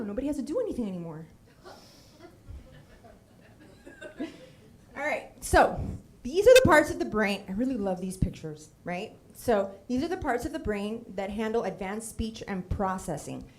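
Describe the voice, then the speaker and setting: A lively middle-aged woman from Puerto Rico tells personal stories on stage, with slides to guide her. She jokes, wanders off on tangents and acts out little quotes. Her voice sits a bit high, and a faint low rumble runs behind her. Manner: lively, humorous, drifts into tangents and acted quotes. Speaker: storytelling speaker on stage. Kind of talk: personal storytelling talk with slides.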